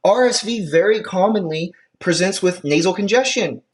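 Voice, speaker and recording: Casual EMT instructor, mid-pitch voice, chatty lecture delivery with lots of asides and "right?" check-ins. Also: normal speed. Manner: frequent fillers and restarts, conversational asides. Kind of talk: classroom lecture.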